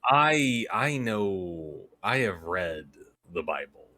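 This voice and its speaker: Forceful man, casual podcast talk. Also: lowish voice, slow pace. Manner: animated and profane. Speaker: podcast co-host. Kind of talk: casual chat.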